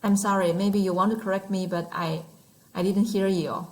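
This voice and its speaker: A woman's voice: medium pitch, fairly even intonation, moderate pace, a little mellow, poor audio. A woman teaching numbers and tones in an online lesson, patient and demonstrating each sound aloud. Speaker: Mandarin teacher.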